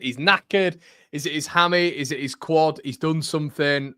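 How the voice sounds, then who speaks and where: A young man hosting a live football watchalong, chatty and excitable, jumping from loud outbursts to muttering. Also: on the high side, normal speed, clear, resonant tone, dry recording, clean studio sound. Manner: excitable, chatty, swings between shouting and muttering. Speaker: watchalong host. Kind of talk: live match watchalong commentary.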